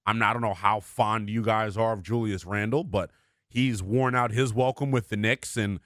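This sports talk radio co-host is a man speaking at an ordinary pace in a dry studio. Animated and full of rhetorical questions, he shifts between loud and quiet delivery.

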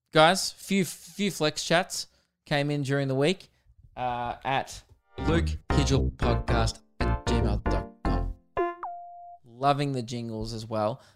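An Australian man talks through his solo podcast in a loose, rambling, jokey way, full of fillers. His voice is smooth and clear, sitting at an ordinary middle pitch. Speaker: podcast host. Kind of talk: casual solo podcast chat.

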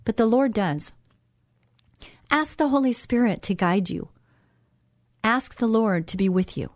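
A slightly high, animated woman's voice moves at an unhurried pace in this studio-quality clip with no room sound. As host of a Christian talk show, she offers a devotional monologue, encouraging and conversational, often repeating phrases to stress them.

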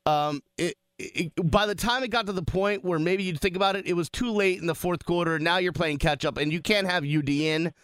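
A man's voice: high-pitched, brisk, hardly any pauses, a bit bright, clear, resonant tone, no echo. A man hosting a sports talk radio show, talking in an emphatic, conversational way. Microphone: studio microphone.

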